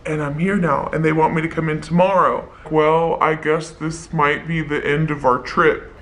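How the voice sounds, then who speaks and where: A woman's voice: low-pitched, fairly even intonation, moderate pace, pitched below the performer's own voice, lightly acted. Woman putting on a curt British boyfriend. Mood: matter-of-fact. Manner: curt and blunt. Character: rude, fussy young British boyfriend.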